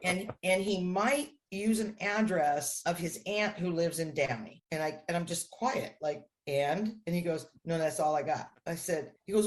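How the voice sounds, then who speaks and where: A woman guest, a crime analyst, telling a story on a podcast and acting out the dialogue with lively voices. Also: fairly low pitch, moderate pace, few pauses.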